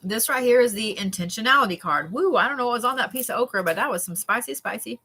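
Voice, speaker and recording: Chatty, bright-voiced woman reading cards. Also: on the high side, fast talker, breathy edge. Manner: chatty and animated, with frequent laughs and yawns. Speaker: tarot reader. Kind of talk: live-stream card reading.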